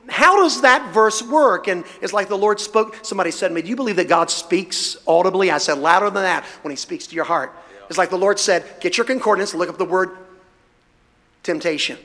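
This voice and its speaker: Preaching a sermon in a reverberant hall, a man's high, sharp voice rises in bursts. He's fervent and emphatic with his congregation as he presses his points.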